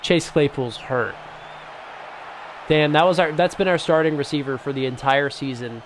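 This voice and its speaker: A young man giving casual, excitable commentary over a football video game, swinging between hype and grumbling. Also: a little high, normal speed. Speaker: gaming YouTuber. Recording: noisy background.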